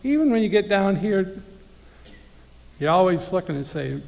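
A male preacher gives a casual, conversational sermon in a somewhat high, gravelly voice, reading scripture aloud and addressing his listeners directly. His delivery is sing-song and darkish in tone, at a moderate pace with frequent pauses. A long hall reverb trails his words.

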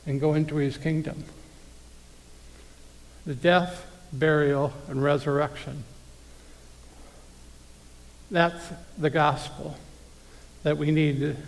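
Long reverb from the hall follows this male preacher as he delivers a laid-back sermon. His voice is somewhat high and gravelly, and he reads scripture aloud and speaks directly to those listening.

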